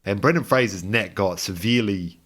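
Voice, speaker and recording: A man's voice: lowish voice, brisk, a bit bright. A man co-hosting a podcast, chatting casually and rambling, with frequent restarts and tangents. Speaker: podcast co-host. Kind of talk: casual chat.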